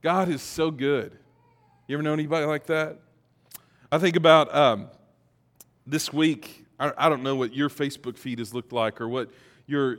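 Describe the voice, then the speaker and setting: A pastor giving a sermon in a conversational way that builds to emphatic peaks. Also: male voice, mid-range voice, fairly bright tone, long reverb tail.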